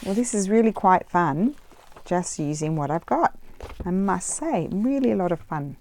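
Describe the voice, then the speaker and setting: While working on paper crafts, this woman chats casually for her vlog, thinking out loud and drifting into tangents in a rambling way. She has a fairly low, slightly mellow voice, speaks expressively at normal speed, and there's slight background noise.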